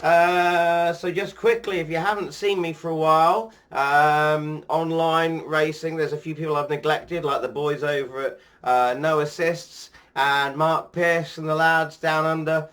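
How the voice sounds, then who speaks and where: A man's voice: on the high side, level tone, measured pace, hardly any pauses, a bit bright. A man chatting casually in a vlog about sim racing updates and his life, rambling with frequent ums and restarts.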